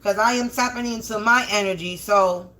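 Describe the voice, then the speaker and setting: In a mid-range voice with a sharp edge, a livestream host gives a tarot-style reading at normal speed. She curses a lot, rants indignantly, and keeps stuttering and starting over.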